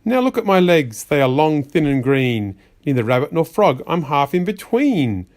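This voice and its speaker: Fussy scolding storybook rabbit as a man puts it on, sing-song rhyming scolding, high-ish voice, swooping lively pitch. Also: normal speed. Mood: exasperated.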